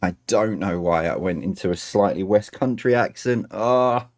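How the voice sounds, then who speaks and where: A man hosting a livestream quiz, reading questions slowly between rambling, chatty asides. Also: fairly low pitch. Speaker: quiz host.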